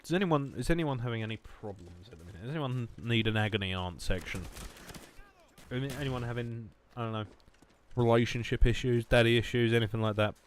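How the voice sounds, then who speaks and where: A man's voice: mid-range voice, fairly quick. A man with an Essex accent, rambling and swearing in a jokey way while streaming a shooter game. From England. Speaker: gaming streamer. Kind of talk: casual livestream commentary. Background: game gunfire.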